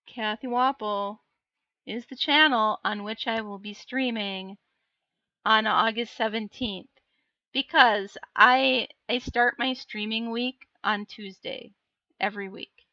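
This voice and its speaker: A woman's voice: on the high side, bright, forceful tone, no room sound, dull audio. A woman streamer chatting casually on a live stream, laughing often and answering her viewers. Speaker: live streamer and miniature painter.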